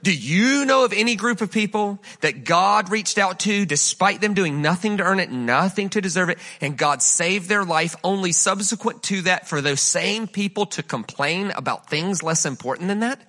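Bright, high-voiced man preaching. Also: normal speed, few pauses. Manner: energetic, conversational preaching with rhetorical questions. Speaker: guest speaker. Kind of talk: sermon. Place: church sanctuary.

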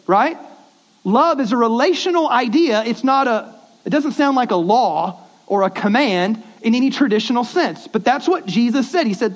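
A man pastor giving a conversational sermon, often prompting the congregation to repeat words back, on dull lo-fi audio. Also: very high voice.

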